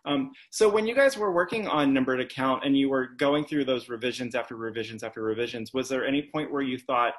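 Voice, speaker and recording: A man's voice: medium pitch, fairly quick, hardly any pauses, fairly bright tone. A man hosting a bookstore live chat, talking eagerly with some restarts as he praises and asks questions. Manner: enthusiastic, with restarts. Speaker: bookstore host. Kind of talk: casual interview chat.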